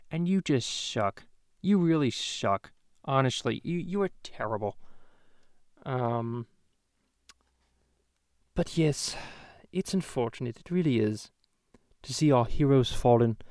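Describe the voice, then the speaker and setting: Ranting man, profane, rambling, smooth voice, dry close mic. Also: mid-range voice, warm tone, no room sound. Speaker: podcast host. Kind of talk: profane comedic rant. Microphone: podcast microphone.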